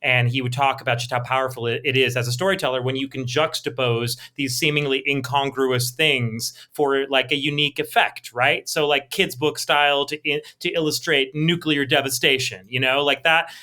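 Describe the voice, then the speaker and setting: A man's voice: mid-range voice, fairly even intonation, moderate pace, few pauses, sharp tone. A man co-hosting a podcast, talking enthusiastically in casual chat and retelling scenes in vivid detail. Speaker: podcast co-host.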